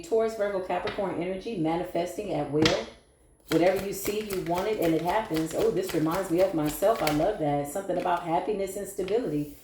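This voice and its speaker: A woman's voice: medium pitch, warm tone, echoey room. Sassy woman giving a tarot reading. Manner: sassy, blunt and playful, with mild swearing. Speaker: tarot reader. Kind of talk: tarot reading for a collective audience.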